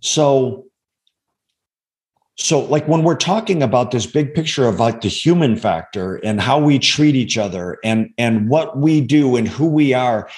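A man in his sixties speaks as an interview guest, slow to find his words and often restarting. His voice sits at an ordinary middle pitch, and his manner is earnest and reflective. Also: darkish tone. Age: 60s. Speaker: interview guest, former undercover agent. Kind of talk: reflective personal storytelling.

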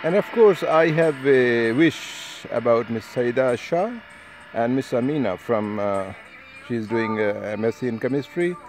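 Speaking a little slowly in a mid-range voice, a man rambles casually in a video message while travelling outdoors, music running behind him. As a vlogger addressing an online speaking group, he's chatty, turns to each listener individually and uses lots of tag questions.

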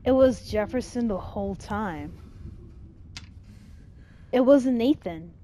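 A woman's voice: fairly high pitch, animated, slow, dark tone, slight background noise. A woman giving let's play commentary, swearing freely and reacting emotionally with slang. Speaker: gaming streamer.

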